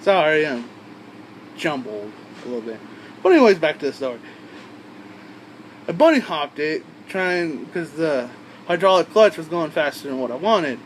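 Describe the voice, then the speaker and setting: Young male vlogger, high voice, rambling and crude, faint hum behind. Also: sing-song, moderate pace, long pauses, low-quality recording. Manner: rambling, profane, with frequent asides and restarts. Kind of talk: rambling casual storytelling.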